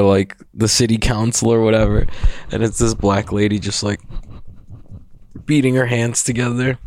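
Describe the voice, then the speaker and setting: A man's voice: on the low side, a little mellow, no room sound, studio quality. A man hosting a podcast, talking in a loose, rambling, profane way and laughing often. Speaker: podcast host. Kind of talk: casual rambling monologue.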